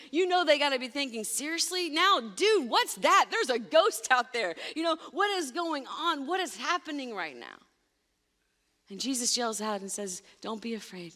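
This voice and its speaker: A woman's voice: sits high, a bit bright, long reverb tail. A woman pastor giving a sermon, speaking emphatically and addressing her listeners directly. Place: church sanctuary.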